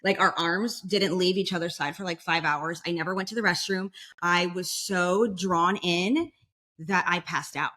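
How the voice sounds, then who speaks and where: Chatting casually as a podcast guest, this young Floridian woman spins a long story, performing the voices of its characters with animation. She speaks at a normal speed in a lowish voice.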